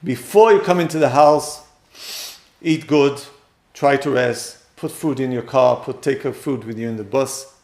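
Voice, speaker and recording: A man teaches a lesson on married life, his voice gravelly with fry at mid pitch. He speaks emphatically and turns to address the listeners directly, repeating his main points. The recording carries a roomy echo. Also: measured pace, a little mellow. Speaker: teacher giving marriage guidance.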